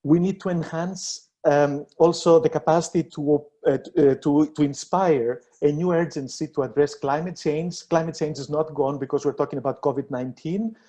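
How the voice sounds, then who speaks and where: A man presenting a policy proposal in an online debate, earnest and halting, with many fillers and restarts. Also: on the high side, fairly even intonation, mellow.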